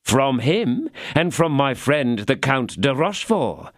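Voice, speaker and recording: A man's voice: medium pitch, sing-song, slow pace, dry recording, pitched above the performer's own voice. A pompous, greedy middle-aged shopkeeper, as a man reads him, smug but cowardly. His voice rises a little and swings widely as he parrots grand phrases. Dry, close audiobook sound.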